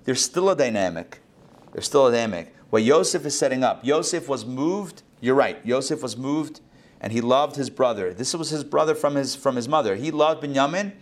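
A male rabbi giving a live Torah lesson. He talks in an animated, storytelling way and acts out the biblical characters' lines. He often stumbles and restarts his phrases as he goes. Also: mid-range voice, fairly quick.

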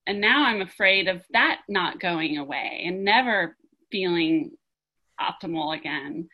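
Woman, group member sharing; slow, hesitant delivery, bright tone. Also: on the low side, expressive, low-quality recording. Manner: halting, searching for words. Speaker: practice community member sharing. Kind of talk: personal sharing in group discussion.

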